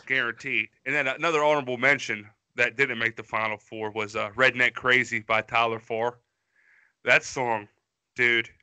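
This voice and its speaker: A man's voice: mid-range voice, steady tone, moderate pace, sharp tone, smooth, dry recording. A man co-hosting a podcast in casual chat, mocking songs with a profane, rambling manner. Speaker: podcast co-host.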